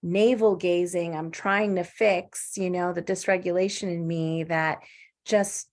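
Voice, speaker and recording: A woman with a fairly low voice shares her thoughts with the group, speaking thoughtfully and pausing often. Her sentences often fade to a soft, breathy finish. She speaks in a casual, personal way. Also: steady tone. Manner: thoughtful, halting, trails off softly. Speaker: participant sharing. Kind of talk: casual sharing.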